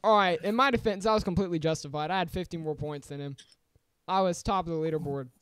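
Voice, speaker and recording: A young man co-hosting a podcast, chatting excitedly about video games and laughing often. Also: a little high, fast, clean tone, dry recording, clean studio sound. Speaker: podcast co-host. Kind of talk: casual gaming chat.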